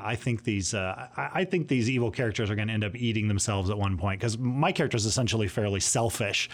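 A middle-aged man on a podcast, rambling and self-deprecating as he talks about his tabletop games. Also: on the low side. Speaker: podcast co-host and player. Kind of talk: casual podcast chat.

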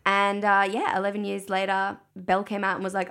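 A woman's voice: medium pitch, completely flat delivery, moderate pace, fairly bright tone. A woman co-hosting a podcast, leading a segment and reading out a list with dry asides. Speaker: podcast co-host. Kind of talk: casual chat.

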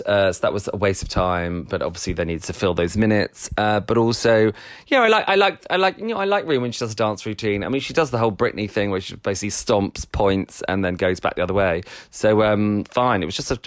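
A man's voice: fairly low pitch, a little fast. A man co-hosting a podcast, chatting casually, laughing often and restarting his sentences. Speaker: podcast co-host. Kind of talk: casual chat.

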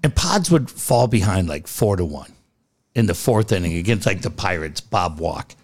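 On a casual talk show, a man with a low-pitched voice at a moderate pace tells a story packed with swearing. He acts out quotes in animated voices as he goes.

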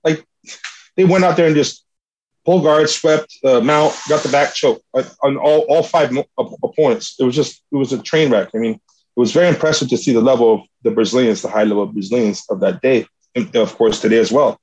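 A man's voice: mid-range voice, a little fast, a little mellow, husky. A man, a jiu-jitsu athlete, telling a story in an earnest, rambling, motivational way. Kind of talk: casual storytelling. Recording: dull lo-fi recording.

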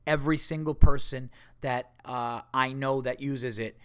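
A man talks on his own podcast in an easy, rambling way, cursing freely and restarting his sentences. His voice is smooth and clear and sits at an ordinary pitch. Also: fairly even intonation, a little slow, a bit bright. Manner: rambling, profane, with many fillers and restarts. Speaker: podcast host. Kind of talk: casual solo podcast talk.

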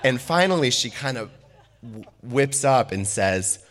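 A man telling a personal anecdote in an animated way, laughing often as he goes. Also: medium pitch, a little slow.

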